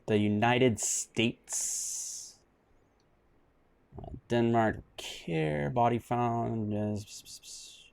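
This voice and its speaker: Very slow and creaky, with a darkish medium-pitched voice and slight background noise, a man chats casually while streaming a retro detective game. His let's-play commentary is rambling and self-mocking, full of restarts, sudden exclamations and bits read aloud.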